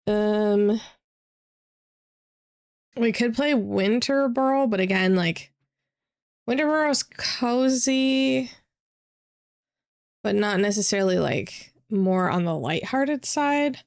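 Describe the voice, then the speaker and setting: Worn out young woman streamer, gravelly fry, rambly chat with lots of ums. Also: medium pitch, lively intonation, slow, pauses often, a little mellow. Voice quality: vocal fry. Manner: rambling, many fillers. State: tired. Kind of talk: casual chat.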